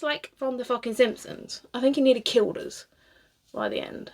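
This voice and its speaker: Styling a wig, a British woman in her thirties, a cosplayer, rambles through a casual chat full of swearing and frequent laughter. She speaks at a normal speed in a voice on the high side and a little mellow, with huge swings in pitch.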